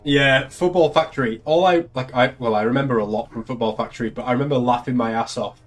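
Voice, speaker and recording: A man's voice: medium pitch, fast, faint music behind. An English man, a young adult, chatting casually on a live stream, laughing often and swearing freely. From England. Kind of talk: casual chat.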